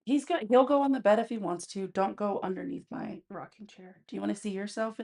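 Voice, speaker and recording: A woman's voice: medium pitch, fairly quick, darkish tone. A woman hosting a casual livestream from home, blunt and profane, often laughing as she talks to her viewers and her pet. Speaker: livestream host.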